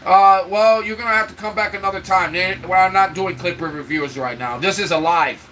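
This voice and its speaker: A man's voice: sits high, brisk, sharp tone, slight background noise, low-quality recording. A man hosting his own live stream, venting emotionally and talking straight to his viewers in casual chat. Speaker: livestream host. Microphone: own microphone for the live stream.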